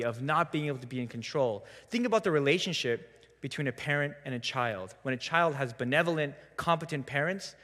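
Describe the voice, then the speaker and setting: A young adult man giving a sermon in a church, telling a story in a relaxed, conversational way with self-deprecating humor. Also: on the high side, big-room sound. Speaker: preacher. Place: church sanctuary.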